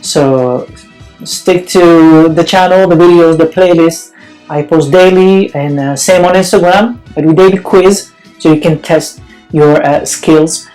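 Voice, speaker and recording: A young man from Paris with a Parisian French accent, giving a relaxed, chatty French lesson to camera. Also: on the high side, a little slow, soft background music, poor audio. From France. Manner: relaxed and chatty, with many fillers. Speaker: French teacher. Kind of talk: casual language lesson to camera.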